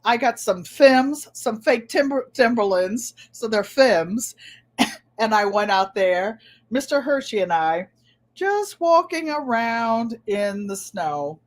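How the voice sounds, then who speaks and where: A woman's voice: a little high, animated, takes it slowly. An older woman with a New England accent, chatting casually through tag questions and telling stories with easy laughs and repeated words. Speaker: vlogger.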